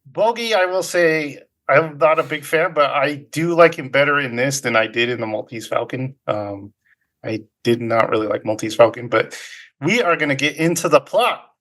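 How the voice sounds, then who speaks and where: A podcast co-host recaps a film in a loose, chatty way, laughing often. His mid-range voice is expressive and a bit bright, delivered at a moderate pace.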